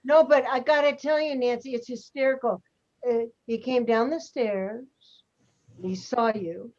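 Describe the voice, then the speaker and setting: A fairly high-voiced woman coaches an acting class over a video call, giving brisk directions and encouragement. The audio is dull and muffled, as video calls often are. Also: steady tone, a little mellow. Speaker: acting teacher.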